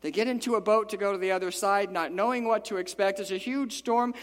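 Male pastor, high voice, lively sermon delivery, acts out the lines, long hall reverb. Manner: animated, acts out quotes with big pitch jumps.

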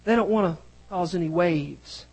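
A preacher delivering an emphatic sermon, moving between loud stresses and hushed lines. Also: medium pitch, moderate pace, slightly rough, rough recording.

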